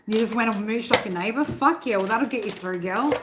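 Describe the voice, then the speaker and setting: A casual, chatty woman reading tarot live from her home, with noise clearly audible behind her voice. She swears freely, laughs easily and talks straight to the chat. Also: fairly high pitch, fairly quick. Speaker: tarot reader hosting a live stream. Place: home room.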